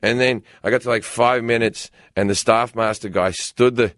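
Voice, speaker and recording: A man of medium pitch telling a comic anecdote on a podcast. He rambles and restarts his sentences, and he speaks into a dry, close studio mic. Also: fairly even intonation, normal speed, a bit bright, no echo. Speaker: guest comedian. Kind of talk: casual podcast storytelling.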